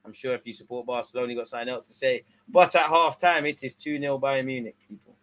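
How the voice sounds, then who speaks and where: A man's voice: mid-range voice, fast. Slangy man. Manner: casual slangy banter, swings between excited and mumbled. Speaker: watch-along streamer. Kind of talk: live watch-along football commentary.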